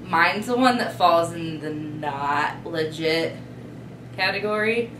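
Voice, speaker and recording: A young woman tells a vlog story in a dry, matter-of-fact way. She talks slowly in a lowish voice. The room has an echo and a faint hiss under it. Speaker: vlog co-host. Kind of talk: casual storytelling. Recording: echoey room with faint noise.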